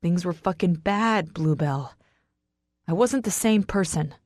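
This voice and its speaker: A woman voicing a brooding, intense estranged husband who growls his lines in a low, rough, pressing way. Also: a little slow, no echo, clean studio sound. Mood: pained. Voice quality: raspy, growling.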